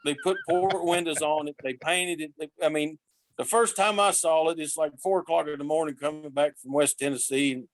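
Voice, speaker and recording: A man telling road stories casually as a podcast guest, lively and acting out the voices of the people he quotes. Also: a little high, no echo. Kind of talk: casual storytelling.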